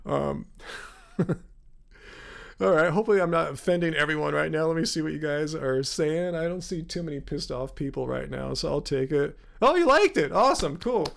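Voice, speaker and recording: A man's voice: on the high side, normal speed, creaky. A man from the United States hosting a live Q&A stream, talking in a loose, rambling way full of fillers. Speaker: host.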